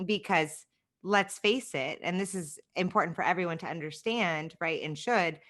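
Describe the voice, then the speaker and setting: A woman hosting a podcast chats frankly about home life, her delivery emphatic and full of "right?" checks. Her voice sits on the low side for a woman and rings with a bright, forceful edge. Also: moderate pace. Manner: emphatic, frank, talks it through with many "right?" asides. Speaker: podcast host. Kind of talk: casual interview chat.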